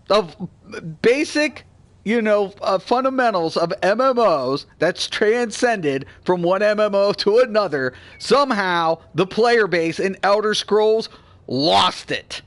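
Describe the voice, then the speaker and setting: Blunt, high-voiced gaming ranter. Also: male voice, takes it slowly. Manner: blunt, swears freely, heated and rambling; swings between grumbling low and excited loud. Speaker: gaming channel host. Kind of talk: casual gameplay rant.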